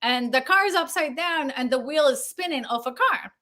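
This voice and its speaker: A woman Foley artist telling stories as an interview guest, animated and laughing, acting out the voices of the people she quotes. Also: sits high, moderate pace. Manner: animated, acts out quoted dialogue, laughs often. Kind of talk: casual interview storytelling.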